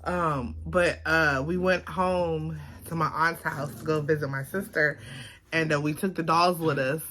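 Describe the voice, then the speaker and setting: A woman's voice: low-pitched, fairly even intonation, unhurried, fairly bright tone, slight background noise. A woman from Baltimore with a Baltimore accent, chatting casually to her phone camera at home, rambling with lots of fillers. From Baltimore, Maryland. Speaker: vlogger. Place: home, indoors.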